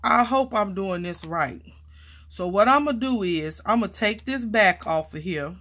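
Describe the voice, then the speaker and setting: A woman vlogging casually while mounting stamps, chatty and excitable, calling viewers y'all and honey, and dropping to quiet murmurs as she works. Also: medium pitch, measured pace. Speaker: crafting vlogger. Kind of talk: casual chat while crafting.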